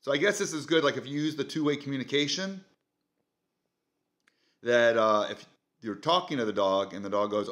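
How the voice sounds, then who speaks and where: A man's voice: medium pitch, moderate pace, pauses often, fairly bright tone. A man hosting a casual product demo, easygoing and thinking aloud as he goes. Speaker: product reviewer.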